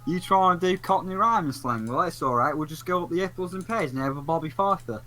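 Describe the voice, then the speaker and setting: A man hosting a casual podcast chat, animated and joking, slipping into theatrical asides. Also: a little high, fast, a little hiss or hum, low-quality recording. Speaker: podcast host.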